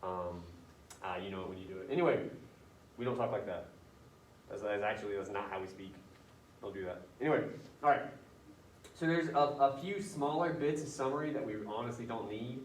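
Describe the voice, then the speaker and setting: A man's voice: mid-range voice, brisk, pauses often, slight background noise. A male teacher running a casual writing lesson, thinking aloud as he edits a student paper. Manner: casual, chatty, thinking aloud while editing. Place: classroom. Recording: roomy classroom picked up from a distance.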